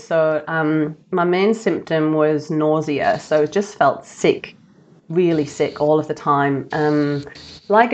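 Chatty woman with a low voice. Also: dull audio. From Australia. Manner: chatty and candid, many fillers. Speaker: podcast guest. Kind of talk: casual interview chat.

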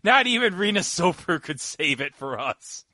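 A man's voice: high-pitched, moderate pace, no echo, clean studio sound. A man co-hosting a podcast, joking around in casual chat. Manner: joking, lively. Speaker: podcast co-host.

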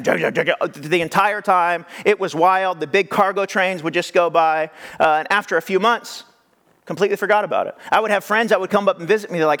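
A man's voice: high-pitched, a little fast, a bit bright. A young adult man preaching a sermon as pastor, talking conversationally and acting out the voices he quotes. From California.

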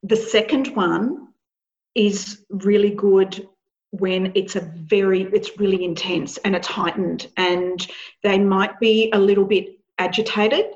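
A woman being interviewed as a podcast guest, telling stories in a lively, animated way and laughing often. Her voice sits at a middle pitch. The recording is dull and lo-fi. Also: takes it slowly. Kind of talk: casual chat. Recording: dull lo-fi sound.

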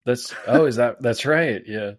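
A man's voice: medium pitch, a little slow, no room sound, clean studio sound. A man in his thirties from Wisconsin, a podcast guest talking casually and loosely, with fillers and restarts. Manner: relaxed, rambling, with fillers and restarts.

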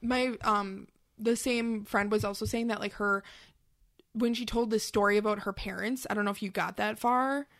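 A woman's voice: medium pitch, fairly even intonation, moderate pace, fairly bright tone. Rambling woman in casual podcast chat. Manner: rambling, many fillers, casual swearing. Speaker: podcast co-host.

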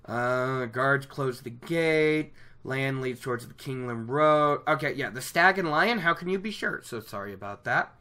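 A bright, sharp-toned voice rambles happily through a book chapter recap, recorded at home by a laptop. The speaker keeps correcting themselves mid-thought and chats loosely with a mid-range pitch. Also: animated, measured pace. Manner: chatty, rambling, self-correcting. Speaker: book reader discussing a chapter.

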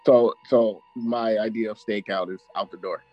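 A man's voice: on the low side, fairly even intonation, moderate pace, lo-fi sound, faint music behind. A man co-hosting a true-crime podcast, reacting to the story and asking questions. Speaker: podcast co-host.

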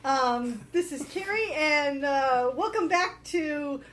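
A high, bright-toned woman chatting slowly and easily at a tabletop game session. She giggles often as she co-hosts and plays along. She talks at an unhurried pace. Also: lively intonation. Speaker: player and co-host. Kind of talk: casual tabletop game chat.

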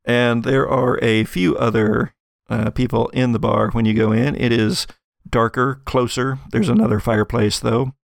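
Gravelly laid-back game master. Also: male voice, medium pitch, fairly even intonation, no room sound, studio quality. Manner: laid-back, halting with fillers. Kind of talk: actual-play narration.

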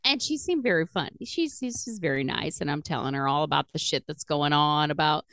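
Animated, profane woman host. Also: low voice, fairly quick, no room sound, studio quality. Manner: profane, animated, laughing while she talks. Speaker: podcast host. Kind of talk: casual storytelling chat.

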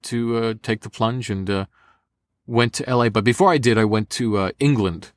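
A young American voice actor, appearing as a guest in a casual interview, tells animated stories and slips into impressions. His medium-pitched voice moves at normal speed, recorded in studio quality with no echo.

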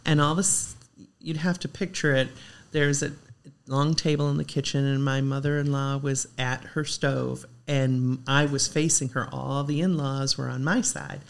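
A woman, a guest in a casual chat, telling a family story in a lively way. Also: very deep voice, normal speed, creaky, hardly any pauses.

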